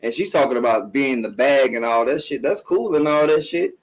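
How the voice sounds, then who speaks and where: A man's voice: mid-range voice, moderate pace, rough recording. Blunt, swearing man ranting on a podcast. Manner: emphatic, blunt, swearing, repetitive. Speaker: podcast host on a live stream. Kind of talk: casual profane commentary rant.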